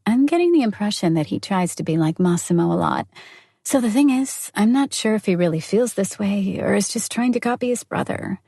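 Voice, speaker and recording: A woman's voice: medium pitch, lively intonation, brisk, vocal fry, warm tone, slightly rough, no echo, studio quality, pitched above the performer's own voice. A woman voicing a brash, sarcastic young best friend who talks bluntly and swears, in an audiobook. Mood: brash, teasing.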